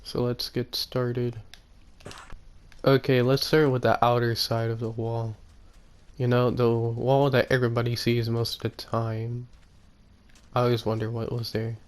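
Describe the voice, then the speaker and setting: Soft-spoken man narrating gameplay slowly. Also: mid-range voice, monotone. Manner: rambling, self-correcting, soft-spoken. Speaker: gaming YouTuber. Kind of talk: casual gameplay commentary.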